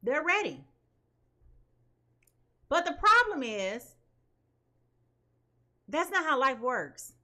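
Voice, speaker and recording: Woman, high voice, bright tone, emphatic tarot reading, checks in with viewers. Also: big pitch swings, drawn-out words, long pauses. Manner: emphatic, keeps asking "okay?". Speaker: tarot reader.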